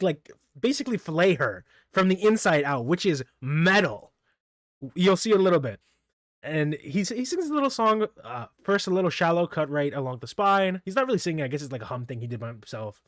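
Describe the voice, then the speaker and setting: A man's voice: high voice, no echo, studio quality. A man recapping manga chapters in a casual solo talk, rambling, laughing often and stumbling over names. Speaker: manga reviewer.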